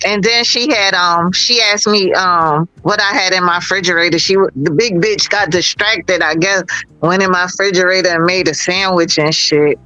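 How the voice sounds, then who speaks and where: Bright-voiced woman from New Jersey. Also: fairly low pitch, normal speed, low-quality recording. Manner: storytelling, teasing, laughs often. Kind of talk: casual chat.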